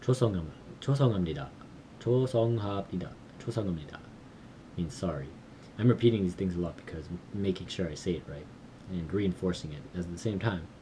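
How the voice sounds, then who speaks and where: A man recording himself while learning Korean, thinking aloud and repeating phrases slowly in a casual way. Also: low voice, mellow, a little hiss or hum. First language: English.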